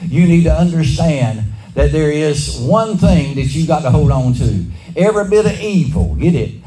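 A man's voice: a little high, lively intonation, normal speed, a crowd in the background. A man preaching a revival sermon, calling the congregation to answer back. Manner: call-and-response, rousing the congregation. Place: church. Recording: echoey church with music behind.

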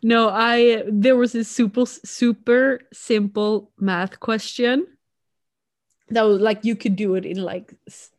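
A young woman with a slightly high voice chats casually on a podcast. She rambles through stories, restarting her sentences and laughing along the way. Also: steady tone, takes it slowly, no room sound. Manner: rambling storyteller, laughs often, many restarts. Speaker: podcast co-host. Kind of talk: casual chat.

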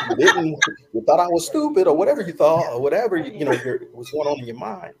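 Animated middle-aged man telling a story. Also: on the high side, fairly quick, gravelly, long pauses, crowd noise. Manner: laughs often, animated storyteller acting out quotes. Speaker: podcast guest. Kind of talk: casual storytelling.

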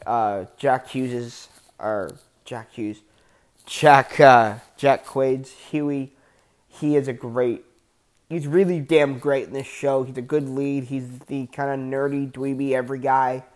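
A man giving a casual, enthusiastic TV show review, rambling with frequent restarts and casual swearing. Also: medium pitch.

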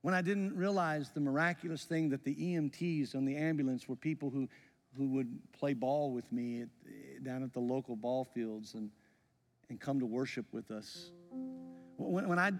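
A man, preaching a sermon as a pastor, his voice swelling with feeling and then falling to a near hush. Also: on the high side. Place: church sanctuary. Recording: long reverb in a large hall.

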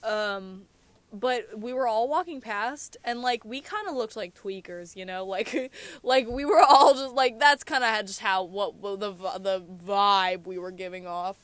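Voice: mid-range voice, unhurried, a bit bright, no echo. A teenager co-hosting a casual podcast, telling stories in a rambling way with many fillers and restarts. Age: teens. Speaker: podcast co-host. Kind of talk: casual chat, storytelling.

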